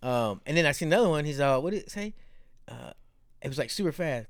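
A man's voice: medium pitch, expressive, quick pace, dry recording, clean studio sound. A man co-hosting a casual podcast chat who laughs a lot and retells funny clips, swearing freely. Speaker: podcast co-host.

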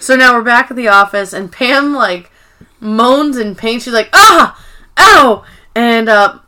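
Bright-voiced woman recapping animatedly. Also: a little high, a little slow. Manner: animated, swearing, acting out characters' lines in shifting voices. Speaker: podcast co-host. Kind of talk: casual episode recap chat.

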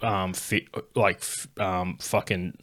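A man's voice: deep voice, takes it slowly. A young man hosting a podcast, telling rambling, swear-filled stories in casual chat. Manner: swears a lot, rambling and animated storytelling. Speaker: podcast host.

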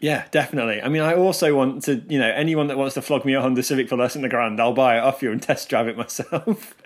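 A fast-talking man with a mid-range voice co-hosts a podcast. The conversation is casual; he's chatty, laughs frequently, and regularly talks over his partner.

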